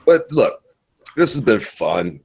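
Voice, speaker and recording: A man's voice: mid-range voice, sing-song, takes it slowly, gravelly, slightly rough. A middle-aged man, hosting a casual online voice chat. He rambles, swears freely and talks with heavy sarcasm. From United States. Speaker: host. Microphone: computer mic in voice chat.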